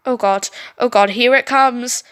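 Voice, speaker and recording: A woman's voice: on the high side, measured pace, a bit bright, smooth. A woman reading the lines of a frightened teenage schoolgirl, hesitant and nervous.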